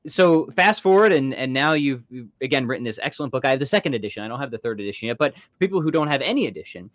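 Man, podcast host, rapid speech, dry close sound, friendly. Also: medium pitch, lively intonation, fairly bright tone, no room sound. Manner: quick, friendly, laughs easily. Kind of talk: podcast interview.

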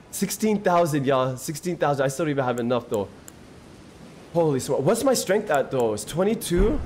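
A man streaming a video game live, chatting casually and excitedly with his viewers in slang and thanking them constantly. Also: fairly high pitch. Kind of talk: casual live-stream chat while gaming.

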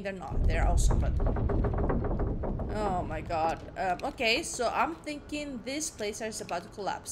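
Young woman gamer chatting while she plays, high voice, jumpy and kinda self-mocking, bit of faint noise. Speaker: gaming streamer. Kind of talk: casual let's-play commentary.

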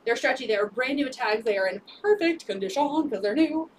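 A woman's voice: on the high side, lively intonation, brisk, far from the mic, slight background noise. A woman selling secondhand clothes on a live stream, upbeat and repeating sizes, prices and item numbers. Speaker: resale live-stream seller. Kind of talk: live sales pitch.

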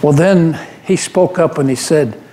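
A man's voice: fairly high pitch, a little slow, slight background noise, lightly acted. A man playing the apostle Peter, an earnest, devoted fisherman telling his memories in a first-person monologue during a church service. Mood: awed. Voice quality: earnest, animated storyteller with frequent restarts. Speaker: church member giving a dramatic monologue. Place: church sanctuary. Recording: roomy church echo.

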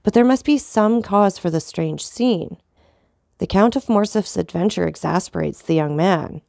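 Composed, dignified nobleman, read by a woman, low and gravelly, dry close sound. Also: no echo. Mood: solemn. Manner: calm, measured, dignified. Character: calm commanding aristocratic older man, coldly polite.

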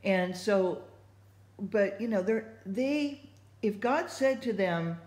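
A woman's voice: medium pitch, animated, slow pace, darkish tone. A woman sharing her faith thoughts in casual, rambling talk, full of fillers and restarts. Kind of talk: casual spoken reflection. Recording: echoey room.

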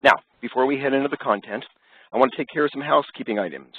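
Male webcast host, head cold, mid pitch, dry phone-line sound. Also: very fast, breathy edge, dry recording. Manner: upbeat, with many fillers. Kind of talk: presenting a business webcast.

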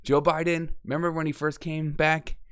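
A man's voice: a little high, little pitch movement, normal speed, a bit bright, clear, resonant tone. A man hosting a casual political opinion show, talking in a mocking, exasperated way, laughing often and acting out the quotes he makes fun of. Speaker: political commentary host.

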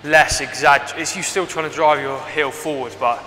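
A young man, a rugby winger explaining his sprint drills in a halting, casual way full of "like" and "basically". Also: on the high side, steady tone, sharp tone. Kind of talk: casual demonstration chat. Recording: reverberant space with faint music.

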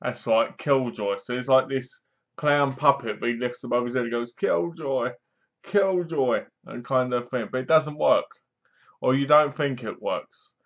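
Man, film reviewer, rambling chatty delivery, wry jokes, medium pitch, muffled lo-fi sound. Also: moderate pace, a bit bright. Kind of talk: casual spoken movie review.

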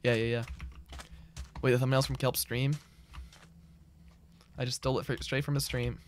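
A man's voice: medium pitch, level tone, moderate pace, slight background noise. A man streaming a game live, chatting casually and reading out and answering his chat. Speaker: gaming streamer. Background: game music and keyboard typing.

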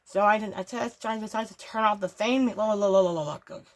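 A woman hosts a gaming channel, chatting casually over gameplay in a medium-pitched, slightly fast voice. She stammers, repeats herself, swears, and gets riled up easily.

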